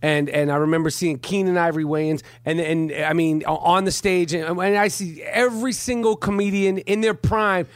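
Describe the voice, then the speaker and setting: A man in his forties spins profane, excitable stories before a live audience. His voice sits high, and he stumbles through constant stammered restarts. The recording is dry and close, with no room sound. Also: moderate pace, hardly any pauses, smooth, no room sound. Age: 40s. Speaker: guest storyteller at a comedy club podcast. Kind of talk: live podcast storytelling.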